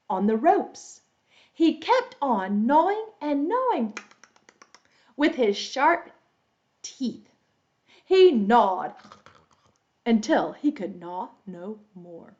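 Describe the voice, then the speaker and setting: Kids' English teacher, woman, story time, very slow and lively, slightly high voice. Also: lo-fi sound. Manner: animated, adds roars and squeaks for the animals; explains words and quizzes young listeners. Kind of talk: reading a children's story aloud.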